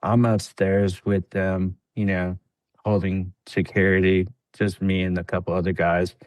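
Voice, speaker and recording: A man with a low, dry-miked voice tells a war story in relaxed podcast chat. He acts out what others said, jumping up into a higher voice for the quotes, and peppers his telling with fillers and laughs. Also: unhurried, no room sound. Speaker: podcast guest, veteran. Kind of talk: casual storytelling.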